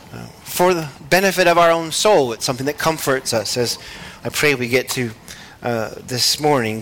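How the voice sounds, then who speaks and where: A man preaching a teaching sermon as pastor, speaking in measured phrases with frequent pauses and restarts. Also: mid-range voice, fairly bright tone, a little hiss or hum, low-quality recording.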